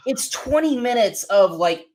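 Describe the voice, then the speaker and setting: A man co-hosting a casual movie review show, animated and mocking, often acting out quotes from scenes. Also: very high-pitched, unhurried, slight background noise. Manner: animated, mocking, acts out quotes in silly voices. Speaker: podcast co-host.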